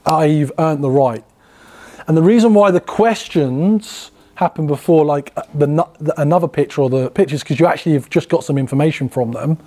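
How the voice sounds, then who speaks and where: A man with a mellow voice on the higher side speaks at normal speed while running an informal sales workshop. He chats his way through explanations, often using fillers and starting sentences over.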